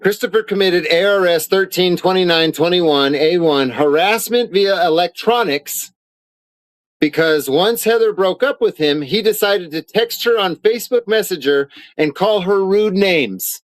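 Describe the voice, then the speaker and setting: A man's voice: high-pitched, unhurried, no room sound, rough recording. Indignant swearing man ranting on a live stream. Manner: indignant, swearing often, reads documents aloud. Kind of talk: angry live-stream rant. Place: home recording studio.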